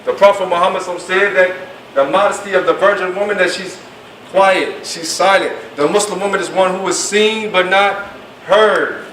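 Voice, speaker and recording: A man with a high voice lectures a class in an emphatic, casual style. The room is echoey and the mic sits at a distance. A faint hum runs underneath. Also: steady tone, brisk, a bit bright. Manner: emphatic, colloquial, acts out quoted speech. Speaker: Islamic class teacher.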